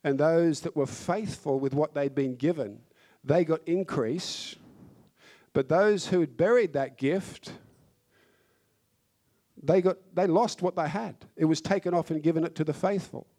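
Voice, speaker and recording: A man delivers a sermon in a fairly high voice, fervent and insistent. He hammers points home by repeating phrases and stretching out key words. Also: unhurried, mellow. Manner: impassioned, repeats phrases for emphasis. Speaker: preacher.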